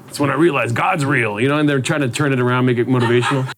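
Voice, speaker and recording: A man performing a stand-up routine, telling a story with deadpan punchlines. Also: medium pitch, fast talker. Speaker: stand-up comedian.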